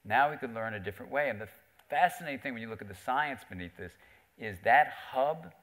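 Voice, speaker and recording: A man's voice: mid-range voice, a little fast. A middle-aged man telling stories on a theater stage, acting out the voices of the people he quotes. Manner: animated storyteller, acts out quoted voices. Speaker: author and psychiatrist guest. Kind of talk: storytelling on stage in conversation. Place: theater stage before an audience.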